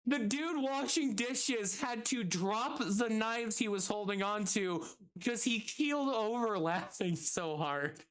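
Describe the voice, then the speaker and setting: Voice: medium pitch, a little slow, hardly any pauses, a bit bright. A streamer casually telling a work story, swearing and acting out the people in it. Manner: swearing, laughing at his own story; acts out quoted customers and bosses.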